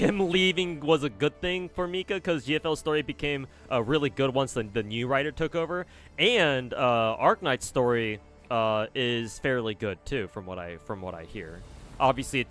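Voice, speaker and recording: A man's voice: mid-range voice, fairly quick, fairly bright tone. A young man streaming games, rambling casually, swearing and answering chat messages. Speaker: gacha game streamer.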